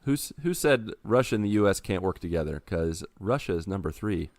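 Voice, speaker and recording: A man's voice: low-pitched, animated, fairly quick, darkish tone, dry recording, studio quality. A man hosting a casual podcast, upbeat and jokey as he runs through the segment. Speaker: podcast host.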